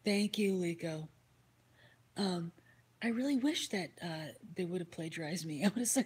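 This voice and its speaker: A woman hosts a livestream and chats casually, retelling a story and answering her chat. Her voice is very husky and breathy and sits a little low. She often drops into whispers and swears freely. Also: expressive, moderate pace, darkish tone. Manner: reads and answers chat comments. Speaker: livestream host.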